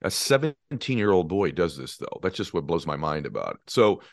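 A man's voice: sits low, sing-song, normal speed, gravelly, no echo. A man hosting an interview, responsive with frequent affirming murmurs and openly moved by the story. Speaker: podcast host. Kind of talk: interview conversation.

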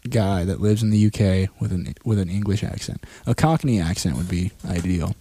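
A man hosting a comedy podcast, teasing and deadpan, swearing constantly while drinking and smoking. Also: low-pitched, normal speed, husky. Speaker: podcast host. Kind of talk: casual comedy podcast banter. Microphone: podcast microphone.

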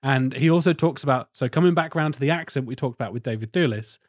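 A man's voice: mid-range voice, fast talker, darkish tone, dry recording, clean studio sound. A man hosting a casual film podcast, swearing freely and quizzing his co-hosts. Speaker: podcast host.

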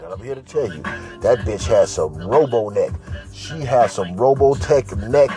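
A man's voice: mid-range voice, lively intonation, normal speed, music in the background. A man hosting a podcast, telling a crude story in a boastful, profane way, repeating phrases and slipping into singsong. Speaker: podcast host.

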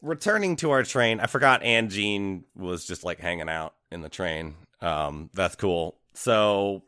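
A man's voice: deep voice, normal speed, few pauses, bright, forceful tone, clean tone. A man co-hosting a casual podcast, recapping a video game in a rambling, hesitant way with many ums. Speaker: podcast host narrating a game playthrough. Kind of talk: casual chat.

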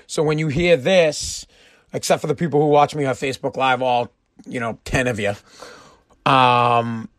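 A man's voice: on the high side, no echo. Blunt joking man ranting, dry close sound. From Massachusetts. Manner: blunt, joking, swears freely. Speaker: host of a live-streamed show. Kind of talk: casual rant.

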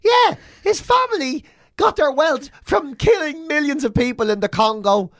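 A man's voice: very high-pitched, lively intonation, moderate pace, a bit bright, no echo, clean studio sound. A man in his forties with an Irish accent, co-hosting a podcast in casual, sweary, mocking banter. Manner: sweary, mocking, rambling storyteller. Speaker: podcast co-host.

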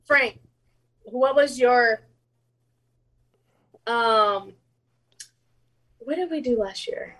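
A woman's voice: on the high side, drawn-out words, long pauses, fairly bright tone, rough recording. A woman co-hosting a casual sports chat, upbeat, leading the wrap-up and swearing casually. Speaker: podcast co-host.

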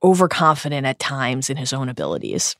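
A woman's voice: a bass voice, sing-song, a little fast, vocal fry, a bit bright, dry recording, studio quality. A woman co-hosting a podcast, talking through a story with emphatic, emotional reactions. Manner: emphatic, emotional reactions with a loose profane edge. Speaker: podcast co-host. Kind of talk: casual podcast discussion.

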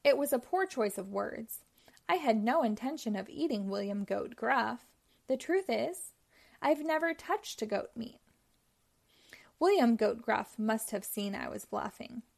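A woman reading a children's picture book aloud with expressive storytelling. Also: fairly high pitch, unhurried, gravelly.

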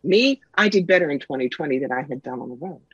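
A middle-aged woman, a guest psychic and author, telling stories in a brisk, wry, punchy way in a casual interview. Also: deep voice, animated, slightly rough, no room sound. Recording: dull lo-fi sound, dry.

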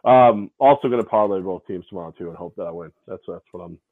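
A hungover man co-hosts a casual sports podcast from a separate location over a tinny, phone-like line. His voice is low and he talks fast, rambling through stories, repeating himself and mimicking people.

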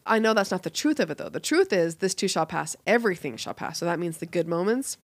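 A woman's voice: fairly low pitch, very animated, fast talker, no room sound. Earnest woman co-host, dry close sound. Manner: earnest, reflective, emphatic. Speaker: podcast co-host. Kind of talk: casual chat.

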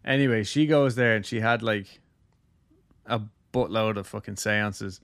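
A man's voice: lowish voice, unhurried, a bit bright. A man hosting a podcast, casually telling a ghost story with lots of jokes and filler words. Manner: loose, jokey, heavy use of "like".

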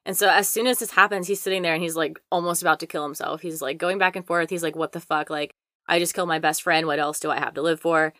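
A woman's voice: deep voice, steady tone, fast, bright, forceful tone, no echo, clean studio sound. A young woman co-hosting a podcast, casually retelling a true-crime story with lots of "like" and swearing. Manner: chatty, heavy use of "like" and swearing. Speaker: podcast co-host.

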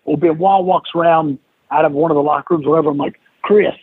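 A man with a slightly high, fast voice that has a breathy edge, guesting on an interview podcast. He spins a long story and performs the quoted lines of the people in it with animated flair. The recording is dry, with a tinny, phone-like quality.

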